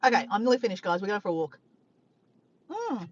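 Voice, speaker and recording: A woman's voice: medium pitch, big pitch swings, brisk, muffled recording. A woman chatting casually on a live stream from her car by the beach, reading viewer comments, laughing and teasing playfully.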